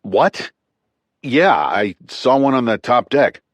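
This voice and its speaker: A man's voice: mid-range voice, sing-song, slow pace, no room sound, pitched above the performer's own voice. A man voicing a tough former military man who talks in clipped, urgent, profane bursts. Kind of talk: audiobook character reading.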